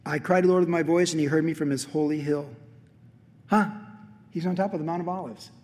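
A man preaching a sermon as a pastor, swinging from loud emphatic lines to hushed near-whispers. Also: on the high side, steady tone, a little fast, long reverb tail.

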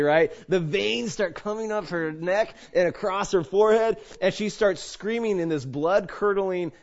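Animated high-voiced male preacher. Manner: animated storytelling, swings between loud and hushed. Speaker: pastor. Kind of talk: sermon. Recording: dull lo-fi sound.

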